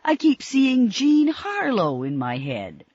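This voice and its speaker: A woman's voice: high voice, wildly swooping pitch, slow pace, darkish tone, breathy edge, no echo, dull audio, voice pushed up, full character voice. Woman doing a hearty male doctor. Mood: indulgent. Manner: hearty, indulgent. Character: jovial middle-aged male doctor, hearty.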